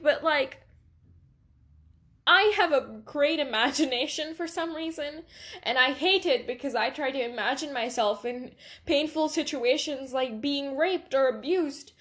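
A woman's voice: high-pitched, unhurried, fairly bright tone. A young woman hosting a podcast, talking earnestly and apologetically while crying in an emotional monologue. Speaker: podcast host.

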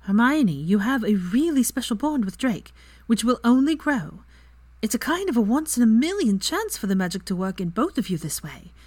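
A woman reading aloud and voicing a calm, knowing young witch who gives matter-of-fact advice. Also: on the high side, normal speed, no echo, voice pushed up.

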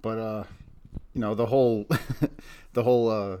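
A man's voice: fairly low pitch, flat delivery, unhurried, mellow, clean tone. A man co-hosting a podcast in casual chat, laid-back, with dry remarks. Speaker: podcast co-host.

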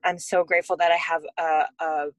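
A woman's voice: deep voice, level tone, brisk, poor audio. A woman in her thirties, a mother and podcast guest, talking in a reflective, storytelling way. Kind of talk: casual podcast conversation.

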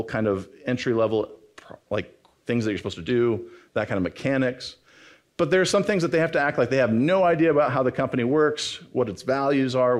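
A man delivers a sermon in a casual, talky style. He breaks into the characters' voices, his pitch climbing as he acts out their exasperated questions, then drops back to his plain middle-pitched speaking voice. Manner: animated, acts out quoted dialogue in a raised voice. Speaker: preacher.

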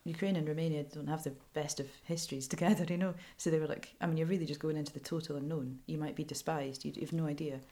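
A Scottish woman journalist talking frankly in an interview, animated and laughing often. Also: sits low, fast talker, few pauses. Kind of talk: candid interview storytelling.

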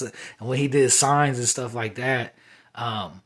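Husky-voiced man rambling through a monologue. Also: medium pitch, fairly even intonation, moderate pace. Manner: rambling, confessional, many fillers. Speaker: podcast host. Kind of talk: solo podcast monologue.

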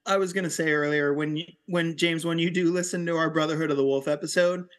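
A man's voice: on the high side, steady tone, quick pace, fairly bright tone. A man hosting a podcast, chatting casually, laughing often and trying to cut in. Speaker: podcast host. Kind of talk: casual chat.

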